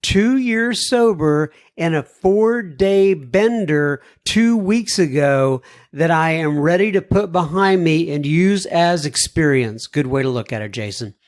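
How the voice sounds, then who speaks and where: A man hosting a recovery podcast, reading listener emails aloud in an unhurried, folksy way, adding appreciative asides and letting his voice drop low and soft at the ends of sentences. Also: expressive. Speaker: podcast host.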